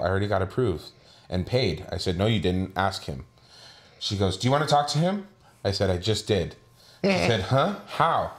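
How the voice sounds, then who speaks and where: A man co-hosting a podcast, telling a casual story and acting out the voices of the people in it. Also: low voice. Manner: animated storyteller, acts out quoted voices. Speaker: podcast co-host.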